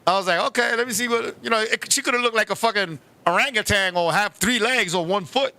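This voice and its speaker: A man telling a comic story on a show, animated and profane, who keeps turning to his co-host. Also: sits high, fast talker. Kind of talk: comedic storytelling.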